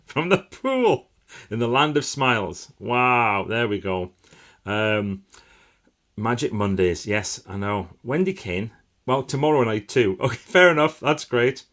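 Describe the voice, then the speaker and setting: A man's voice: medium pitch, animated, slow pace, fairly bright tone. A man hosting a casual live stream, chatting upbeat with viewers and breaking into bursts of enthusiasm.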